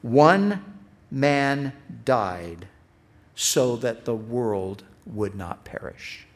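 A man's voice: mid-range voice, expressive, very slow. A middle-aged man preaching a sermon as pastor. He speaks earnestly, building emphasis on repeated phrases, and restarts his sentences when he speaks off the cuff.

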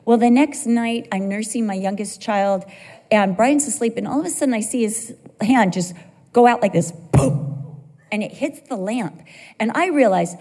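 A woman preaching a sermon, telling a personal story in an animated way with bursts of laughter. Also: a little high, moderate pace. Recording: long hall reverb.

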